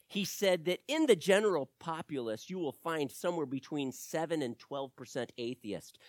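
A man's voice: on the high side, animated, moderate pace, few pauses, no echo. Emphatic male preacher, dry close sound. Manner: swings from quiet to loud, emphatic preaching. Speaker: pastor. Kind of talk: sermon. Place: church.

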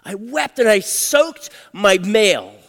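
Older guy pastor, kinda high voice, emotional sermon story, big reverby church sound. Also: big pitch swings, takes it slowly. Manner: emotional, dramatic swings from hushed to loud. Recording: long hall reverb.

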